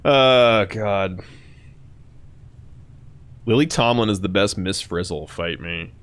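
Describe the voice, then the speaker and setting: At normal speed, a young streamer talks casually with his chat, swearing and full of energy, often dropping into shrill mock voices.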